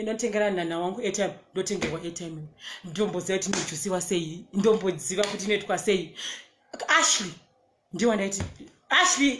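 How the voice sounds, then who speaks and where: Animated Zimbabwean woman telling a story. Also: medium pitch, roomy sound, noisy background. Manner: animated, switches between English and Shona, acts out quotes. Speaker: storyteller vlogger. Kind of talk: casual storytelling.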